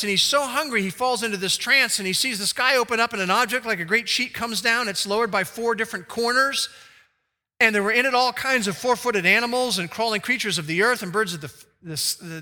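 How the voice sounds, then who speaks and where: A man preaching a sermon, lively and animated, acting out quoted voices with sudden jumps in pitch. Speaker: pastor. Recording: long reverb of a large hall.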